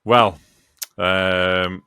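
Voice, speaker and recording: A man co-hosting a podcast in excitable banter, often losing his train of thought and swearing. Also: low-pitched, drawn-out words, clear, resonant tone, no echo, studio quality. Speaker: podcast co-host.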